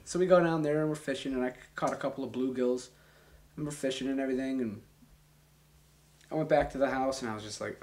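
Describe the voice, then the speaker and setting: A young man tells a rambling, foul-mouthed story in a loose, casual way. His voice sits at an ordinary mid pitch. He gets animated as he tells it. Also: fast. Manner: rambling, profane, animated retelling.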